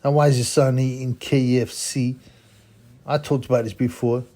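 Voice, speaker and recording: A man's voice: medium pitch, level tone, moderate pace, warm tone. A man hosting a boxing channel, giving a rambling, opinionated commentary monologue full of asides and tags like "huh?" and "man".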